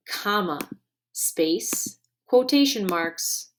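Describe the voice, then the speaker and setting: Woman teaching a clear grammar lesson. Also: on the low side, expressive, a little hiss or hum. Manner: clear and deliberate, stressing key words. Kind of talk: recorded online grammar lesson.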